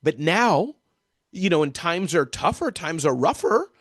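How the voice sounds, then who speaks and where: An energetic American man giving animated interview answers as a keynote speaker, often addressing the interviewer by name. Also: on the high side, unhurried, no room sound, studio quality.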